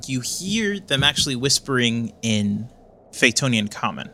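A man running a tabletop game as game master, narrating scenes in a quick, descriptive way with fillers. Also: mid-range voice, big pitch swings, sharp tone, a little hiss or hum.

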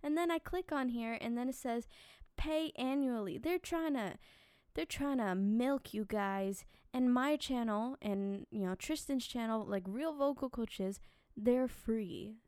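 A chatty, animated woman hosts a casual podcast with lots of fillers and asides. Her voice sits a touch high and sounds smooth, if slightly dry from little sleep. The room is quiet and dry, with no echo. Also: unhurried. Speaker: podcast host and singing teacher. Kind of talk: casual podcast rant and advice.

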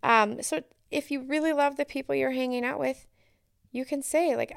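A woman's voice: fairly high pitch, fairly even intonation, moderate pace, gravelly, clean tone, no echo, clean studio sound. A woman hosting a solo podcast, talking in a reflective, earnest way and thinking aloud with fillers. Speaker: podcast host.

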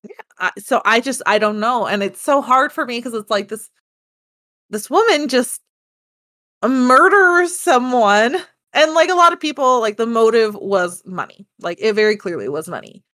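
Woman, podcast co-host, casual rambling chat, self-deprecating, fairly high voice, dry close sound. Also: lively intonation, moderate pace, pushed and bright, dry recording.

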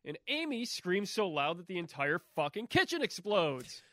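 A high-pitched, very animated male voice with a sharp, bright tone, narrating a film recap full of swearing and wisecracks. It is recorded close and dry. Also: moderate pace, dry recording. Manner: profane, wisecracking, storytelling. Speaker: podcast co-host. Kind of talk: crude casual banter recapping a film.

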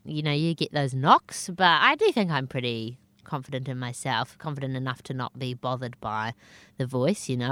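A young woman comedian with a squeaky, nasal voice, chatting casually and self-deprecatingly in an interview, laughing often. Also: a bit bright, clean tone, dry recording. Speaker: comedian guest.

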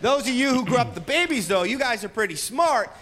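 Animated high-voiced stand-up comedian. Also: male voice, a little fast, over music. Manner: animated storytelling with shouted character bits. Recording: club recording with audible room noise.

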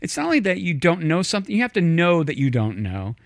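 A man's voice: a little high, quick pace, creaky, no echo. Chatty man, dry close sound. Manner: animated storytelling, mimics voices in quotes. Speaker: podcast co-host. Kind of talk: casual political chat.

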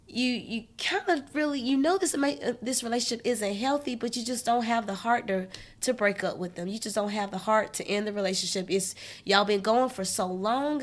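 A woman hosting a solo podcast, giving emphatic, conversational life advice with lots of repetition. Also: on the high side. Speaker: podcast host. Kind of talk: motivational solo podcast talk.

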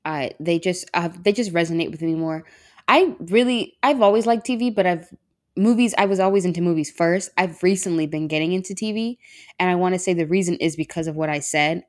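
Low-voiced woman, casual podcast guest. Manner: unprepared, rambling with restarts.

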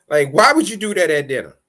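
Animated, profane man in casual chat. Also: on the high side. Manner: animated, profane, laughs often, acts out quotes.

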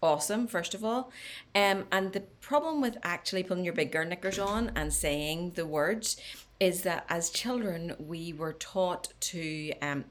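A woman with a slightly low voice chats on a podcast, coaching in an animated way. She leans into her points and sometimes drops to a near whisper. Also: measured pace. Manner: animated, advice-giving, dips to near whisper. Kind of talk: casual podcast chat.

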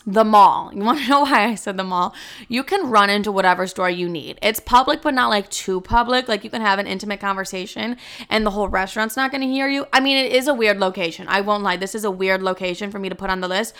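A woman's voice: medium pitch, fast talker, a bit bright, clean tone. A woman in her twenties telling a dating story in a casual, chatty way, full of "like" and swear words. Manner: chatty, heavy "like" filler, frequent swearing.

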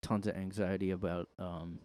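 In his room, a podcast host delivers a casual, rambling monologue, sarcastic and packed with "like." His voice is low, warm, and level in tone, at a normal speed.

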